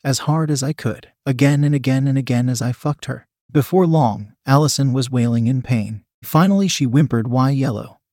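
A man reading a first-person story aloud as narrator, in a steady, matter-of-fact way. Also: mid-range voice, moderate pace, few pauses, dry recording, clean studio sound.

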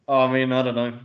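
This podcast co-host is a man who rambles his way through a casual film review, swearing freely and filling every thought with filler words. His pitch sits at an ordinary middle level. The room echoes and the recording sounds muffled.

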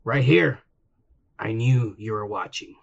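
A man co-hosting a casual podcast, tipsy on beer, loud and profane as he reads out comments. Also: lowish voice, slow pace, vocal fry, slightly rough, muffled recording. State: drinking beer. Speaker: podcast co-host. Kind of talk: drunk casual banter reading comments.

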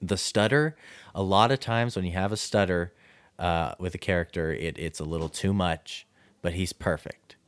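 A man with a very deep voice chats casually about a film, often halting on fillers and restarting his sentences. The sound is dry and close, with no room around it. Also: dry recording. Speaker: podcast co-host.

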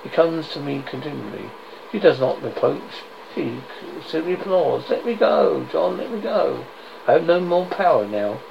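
A man reading the part of a feverish, desperate bedridden man who begs to go to his dead wife, in a gravelly voice with broken repetitions. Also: fairly high pitch, very animated, normal speed, full character voice. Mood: anguished. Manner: pleading, frantic, broken repetitions. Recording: dull lo-fi noisy recording.

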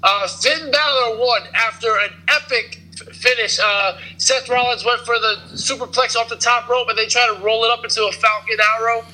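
A man's voice: very high-pitched, steady tone, normal speed, pushed and bright, rough recording. A man hosting a podcast, giving a casual, rambling recap with lots of fillers and jokes. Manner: rambling, filler-heavy, joking. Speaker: podcast host. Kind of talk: casual wrestling recap chat.

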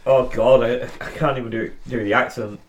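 A man's voice: medium pitch, fairly even intonation, brisk, noisy background. A young man giving his opinions as a podcast co-host in casual chat, swearing for emphasis and laughing at himself. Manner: emphatic, swears for emphasis, self-deprecating chuckles.

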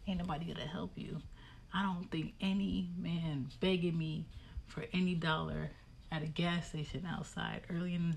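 A woman's voice: lowish voice, vocal fry, darkish tone, slight background noise. A woman giving a blunt, lecturing monologue in a casual vlog, recorded in her home hallway. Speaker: vlogger.

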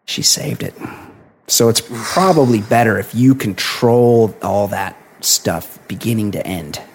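A man co-hosting a casual podcast, reading listener emails and chatting with a halting, laughing manner. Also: fairly low pitch, a little hiss or hum. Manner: rambling, laughs often, halting restarts. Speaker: podcast co-host.

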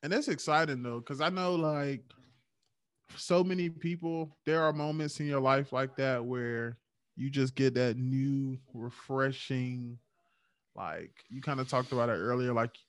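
Measured man on a podcast, dry sound. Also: medium pitch, no room sound. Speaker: podcast co-host. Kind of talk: casual chat.

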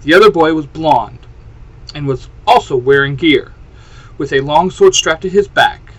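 A man's voice: a little high, unhurried, low-quality recording. A man reading a fan fiction story aloud, doing all the characters' lines himself with little change of voice. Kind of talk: storytelling narration.

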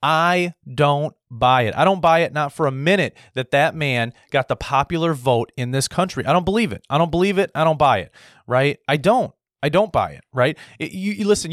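Brief: a combative male commentator ranting bluntly, fairly high-pitched, dry sound. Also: animated, fairly quick, no echo. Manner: combative, blunt, repetitive, swearing. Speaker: political commentator. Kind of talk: ranting opinion monologue.

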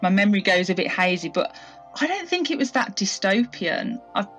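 A woman with a Birmingham accent hosts a relaxed chat. She giggles easily and her pitch swings lively up and down. Faint music sits behind her. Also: fairly quick, low-quality recording. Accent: Birmingham English. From England. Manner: giggly, chatty, laughs often. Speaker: guest host. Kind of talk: casual chat.

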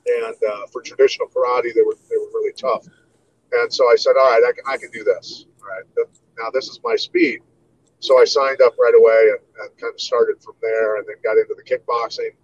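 A man in his fifties from Iowa, telling stories as an interview guest in a relaxed way, with many "you know"s. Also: medium pitch, slightly rough, dull audio. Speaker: guest, martial artist. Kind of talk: casual interview storytelling.

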